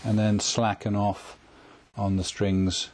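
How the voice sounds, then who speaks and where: A man calmly walking through a guitar tremolo setup step by step, patient and methodical. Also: on the low side, slow, slight background noise. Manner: calm, patient, step-by-step explaining. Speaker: guitar tech instructor. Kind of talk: instructional demonstration.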